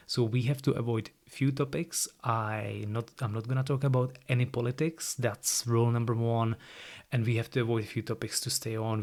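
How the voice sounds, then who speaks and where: A man of ordinary middle pitch talks alone into a studio microphone in a loose, chatty way. His English is non-native and carries a light Irish tinge. He often opens his sentences with "look" or "like". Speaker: podcast host. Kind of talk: solo podcast monologue. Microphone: new studio microphone.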